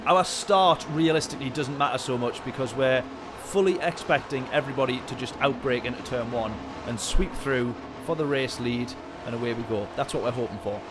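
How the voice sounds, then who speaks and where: A man commentating live on a sim-racing stream, chatting with viewers in his chat and getting excitable in the race. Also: medium pitch, fairly quick, hardly any pauses, background noise. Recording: game music behind voice. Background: game music and car engine sounds.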